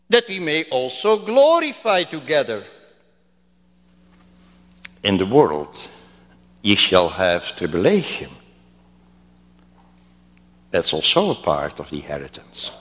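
Slow, lively preaching man in a hall. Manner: slow, emphatic preaching with wide swings in pitch. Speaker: pastor. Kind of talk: sermon. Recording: long reverb of a church hall.

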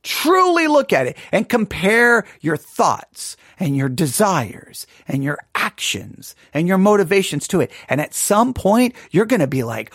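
A male Bible teacher delivers a long sermon in a loose, conversational way, needling his listeners with sarcasm. His pitch leaps and dips all over the place. The recording is dry and close. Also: sing-song, moderate pace, vocal fry, hardly any pauses, a bit bright, no room sound.

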